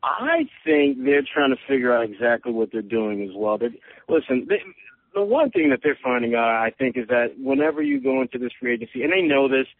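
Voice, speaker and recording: A man, a guest sports reporter, giving measured, analytical answers on a podcast. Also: mid-range voice, big pitch swings, vocal fry, no room sound. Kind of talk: sports talk podcast interview. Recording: phone line.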